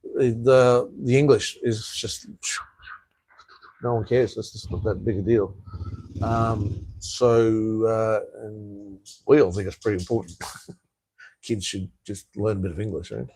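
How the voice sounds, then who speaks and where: Speaking slowly with long pauses, this Australian streamer rambles through a relaxed live chat, answering comments and peppering his talk with "uh," "mate" and "hey." His voice is on the low side, steady, mellow and husky.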